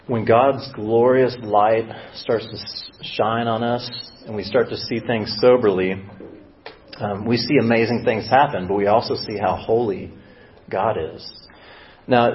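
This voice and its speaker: A man preaching a sermon in a casual, storytelling way with many fillers and restarts. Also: medium pitch. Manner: conversational storytelling with frequent fillers. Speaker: pastor. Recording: dull lo-fi audio with faint background noise.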